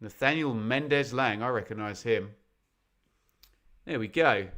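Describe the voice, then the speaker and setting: Bright, chatty man hosting a stream. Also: mid-range voice, measured pace. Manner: chatty, jokey, bursts into snatches of song. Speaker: football watch-along host. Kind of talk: live-stream chat reading out viewers.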